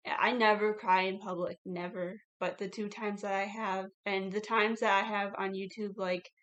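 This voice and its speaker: Slow-talking woman, candid vlog chat. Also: mid-range voice, fairly bright tone. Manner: reflective, heavy "like" fillers, laughs between thoughts. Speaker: YouTuber. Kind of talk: casual confessional vlog talk.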